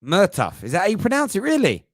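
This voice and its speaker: A man hosts a casual fan phone-in stream, talking things through out loud and laughing at his own slips. His voice sits a touch higher than most men's. It is recorded dry, close to the mic, with no room sound. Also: wildly swooping pitch, fast, no room sound. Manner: chatty, self-mocking, thinks aloud. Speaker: host of a fan phone-in show. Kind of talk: casual live-stream chat.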